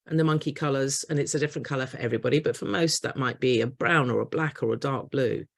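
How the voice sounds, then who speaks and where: Gravelly-voiced woman telling a story. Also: rumbling low, fast. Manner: warm storyteller acting out voices of parents and children. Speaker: trauma therapist giving a workshop talk. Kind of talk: storytelling workshop talk.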